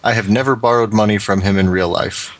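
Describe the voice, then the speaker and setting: A man's voice: on the low side, steady tone, a little fast, a little hiss or hum. A man co-hosting a comedy podcast, reading out a long listener letter with wry asides.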